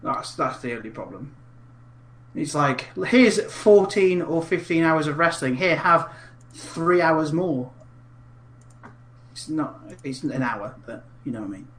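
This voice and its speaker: A man's voice: fairly high pitch, animated, a little slow, a bit bright, roomy sound, slight background noise. A man co-hosting a casual podcast, playful and fond of mimicking others. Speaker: podcast co-host. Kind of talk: casual chat.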